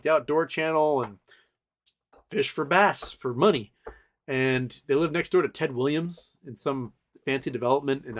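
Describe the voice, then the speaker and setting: Rambling man in his forties. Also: fairly high pitch. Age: 40s. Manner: rambling storyteller, many fillers and restarts. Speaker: livestream host. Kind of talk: casual livestream chat.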